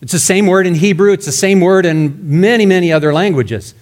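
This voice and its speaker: A male pastor preaching a sermon emphatically, his voice rising loud and dropping to a hush. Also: sits high, fairly quick. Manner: emphatic, swinging between loud and hushed.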